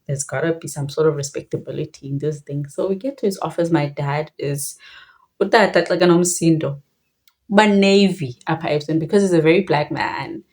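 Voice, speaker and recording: A woman's voice: deep voice, fairly quick, a little mellow. A young woman with a South African Xhosa accent telling a personal story in a reflective way, switching between languages mid-sentence.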